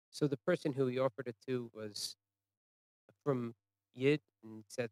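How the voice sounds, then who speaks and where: A man telling a story to an audience, halting and repeating words, dropping to a hush and rising loud. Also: medium pitch, fairly even intonation, no room sound. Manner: voice swings from hushed to loud for quoted cries.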